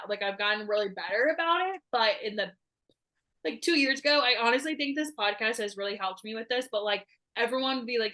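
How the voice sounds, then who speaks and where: A woman's voice: a little high, moderate pace, pushed and bright. A woman hosting a podcast, chatting casually and rambling a bit with lots of fillers. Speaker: podcast host. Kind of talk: casual chat.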